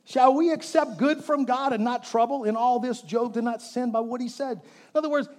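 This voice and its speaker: Male pastor, high voice, animated jokey sermon delivery in church, congregation call-and-repeat. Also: a little fast, hardly any pauses.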